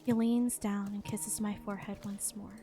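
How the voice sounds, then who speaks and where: A young woman streamer reading a game's story and dialogue aloud, soft and expressive. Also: medium pitch, normal speed. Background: game music.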